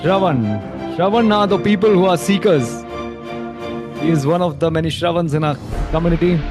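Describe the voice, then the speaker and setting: A man's voice: a little high, normal speed, music in the background. A man hosting an online group coaching call, talking in a friendly, encouraging way. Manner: energetic, leads repeated affirmations.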